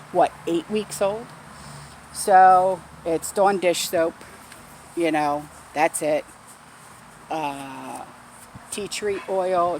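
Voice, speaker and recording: A woman's voice: deep voice, a little mellow, a little hiss or hum. A woman vlogger telling a story in a casual, blunt way, swearing freely, recorded outdoors in her backyard garden.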